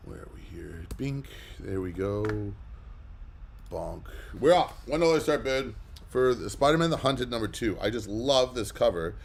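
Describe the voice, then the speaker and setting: A man hosting a live comic book auction, chatting casually and rambling with lots of fillers between bids. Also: mid-range voice. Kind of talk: casual livestream chat.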